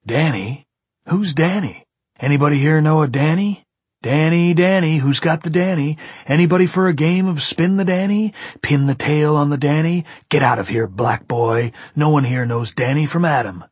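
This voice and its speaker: A man's voice: on the high side, normal speed, darkish tone, husky, no echo, voice pushed up. A man voicing the sly, taunting ghostly voices of a haunted hotel in an audiobook, in a mocking singsong way.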